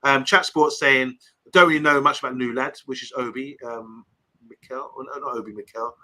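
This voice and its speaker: A man's voice: medium pitch, steady tone, normal speed, pushed and bright, low-quality recording. A man hosting a casual live stream, reading viewer comments aloud and rambling between topics. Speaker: host.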